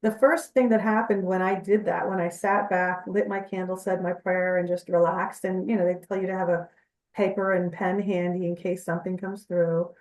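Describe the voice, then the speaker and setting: A woman's voice: lowish voice, level tone, moderate pace, a little mellow, far from the mic. Chatty woman guest in an echoey room. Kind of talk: conversational interview storytelling.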